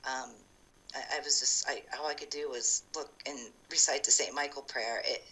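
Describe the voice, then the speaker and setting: Low-voiced woman with a bright, forceful tone; chatty interview storyteller from Ohio. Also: moderate pace, low-quality recording. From Ohio, USA. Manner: chatty and animated, acts out past dialogue; frequent fillers and restarts, laughs while telling. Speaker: former homeowner telling her story. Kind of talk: casual spoken storytelling interview.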